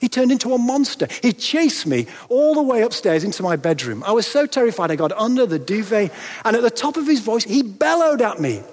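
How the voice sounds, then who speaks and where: A man preaching a sermon in a church, dramatic, with rhetorical questions and pauses for effect. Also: sits high, very animated. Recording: long reverb of a large hall.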